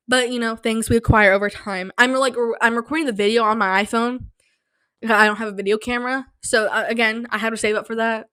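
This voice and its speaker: A young woman hosting her own casual podcast, hyper and rambling, sleep-deprived and slap-happy, with a slightly sore throat from yelling. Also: fairly high pitch, clean tone, no room sound. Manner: hyper, rambling, self-mocking. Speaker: podcast host. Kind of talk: casual solo podcast chat. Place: small home studio. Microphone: studio mic, close.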